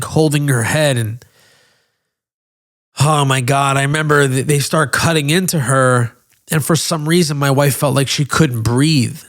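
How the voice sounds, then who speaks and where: A man's voice: medium pitch, a bit bright. A man in his thirties hosting a podcast, telling a personal story in a candid, emotional way with frequent swearing. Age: 30s. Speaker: podcast host.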